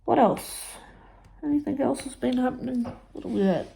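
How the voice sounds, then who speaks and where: A middle-aged woman chatting casually about her crafts, telling stories and acting out what others said in higher voices, laughing often. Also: normal speed, vocal fry, mellow. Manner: chatty storytelling, acts out quotes in high voices, laughs often. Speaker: crafting vlogger. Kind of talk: casual chat while crafting.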